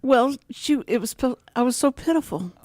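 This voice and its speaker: A woman hosting a talk radio show, telling personal stories in a rambling, animated way. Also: high voice, moderate pace, no echo. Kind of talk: casual talk radio chat.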